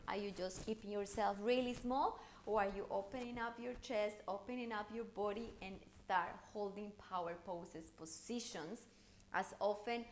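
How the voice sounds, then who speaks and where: A communication coach, a woman with a mid-range voice, guides viewers through an online challenge lesson, addressing them directly in an animated, encouraging tone with rising and falling intonation. There is slight background noise.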